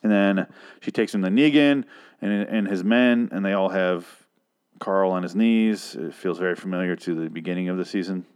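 A man hosting a podcast, recapping a TV episode in a rambling, profane, animated way. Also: sits low, moderate pace, clean tone. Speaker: podcast host.

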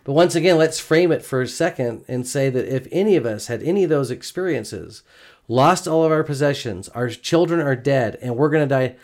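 A middle-aged man co-hosts a podcast's casual gospel discussion about marriage, speaking earnestly and chattily at medium pitch and normal speed, his tone a little mellow. He often says "you know" and checks in with "right?"

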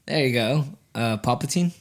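A man hosting a podcast in casual comedic chat, crude and joking and quick to laugh. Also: mid-range voice. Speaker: podcast host.

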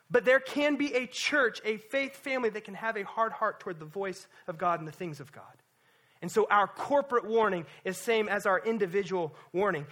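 A man preaching at a church service in a very high, bright voice with a forceful ring. He is impassioned, drops to a hush and then builds to loud emphasis, and repeats words to drive points home. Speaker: pastor. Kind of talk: sermon.

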